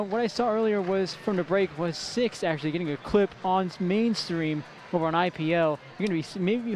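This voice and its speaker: A man commentating a live esports tournament, chatty and quick with jokey asides, his voice strained and worn late in the day. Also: sits high, darkish tone, a little hiss or hum. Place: tournament venue.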